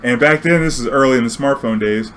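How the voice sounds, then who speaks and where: Man, mid-pitched, loose and profane, acts out the dialogue in a casual story. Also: fast talker, fairly bright tone, a little hiss or hum. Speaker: storyteller and streamer. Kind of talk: casual anecdote telling.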